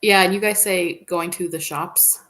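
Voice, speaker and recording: A woman co-hosting a casual stream chat, quiet, giving dry, short reactions. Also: fairly low pitch, fairly even intonation, normal speed. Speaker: stream co-host.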